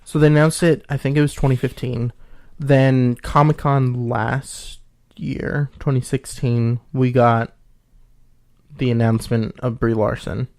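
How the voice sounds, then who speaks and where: A man at a middle pitch co-hosting a relaxed podcast, walking his co-host through background details. He talks in long, loose stretches broken up by frequent ums and restarts. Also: a little slow. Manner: explains at length with many ums. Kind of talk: casual chat.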